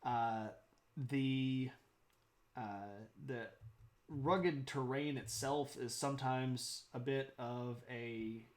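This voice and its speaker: A man's voice: mid-range voice, extremely slow. A man streaming a casual history lecture, chatty, greeting viewers and laughing often.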